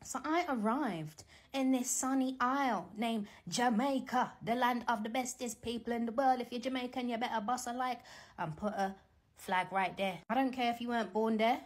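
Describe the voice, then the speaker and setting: A middle-aged woman gives animated, teasing, preachy commentary as a Christian vlogger, talking casually from home. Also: fairly high pitch.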